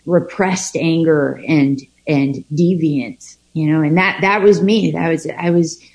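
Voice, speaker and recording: A woman's voice: sits low, a little mellow, low-quality recording. A woman candidly telling her own recovery story, speaking frankly with lots of swearing and frequent restarts. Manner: halting and frank, heavy swearing, many restarts. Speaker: person sharing a recovery story.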